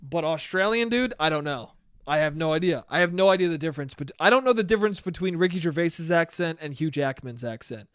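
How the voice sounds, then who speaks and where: A man from New York talks through a solo podcast, rambling, cursing freely and poking fun at himself. His voice sits a bit high for a man and sounds smooth and clear. The recording is close and dry. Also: expressive, brisk, fairly bright tone, no room sound. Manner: rambling, profane, self-mocking. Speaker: podcast host. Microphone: podcast mic.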